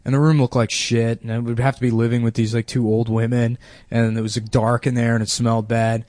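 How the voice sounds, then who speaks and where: A man in his thirties tells a rambling story on a podcast, flat and deadpan, leaning on fillers. His voice sits in a middle pitch and is recorded close and dry, with no room sound. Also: fairly quick, no echo. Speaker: podcast host telling a story. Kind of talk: casual storytelling chat.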